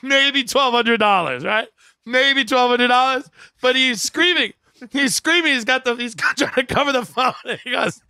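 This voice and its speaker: A man telling a comedic story, animated and profane, acting out the people in it with bursts of shouting. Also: very high voice, normal speed, clean tone, no room sound.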